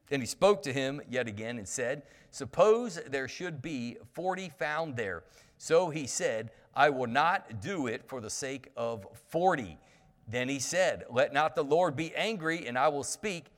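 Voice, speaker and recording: A male pastor with a fairly high, slightly bright voice preaches in a big-sounding room. He reads scripture aloud, then explains it in a folksy, conversational way, often restarting his sentences.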